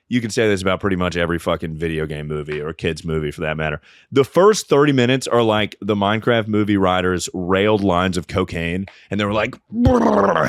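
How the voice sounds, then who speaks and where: Podcast co-host, male, low-pitched, profane animated ranter, dead-dry sound. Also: dry recording. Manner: profane, animated ranting with mocking put-on voices. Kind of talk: casual comedy podcast chat.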